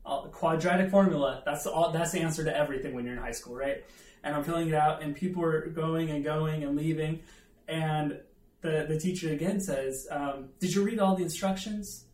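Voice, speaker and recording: Recorded from a distance in an echoey room, a man preaches a conversational sermon at normal speed, his voice fairly high and a little mellow. He tells a self-deprecating story and makes asides to the audience.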